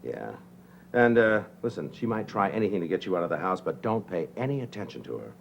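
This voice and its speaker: A man's voice: sits low, big pitch swings, quick pace, gravelly, slight background noise, exaggerated voice, rough recording. An actor playing an anxious painter and father who hesitates and frets. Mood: worried. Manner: hesitant, many uh's, fretful.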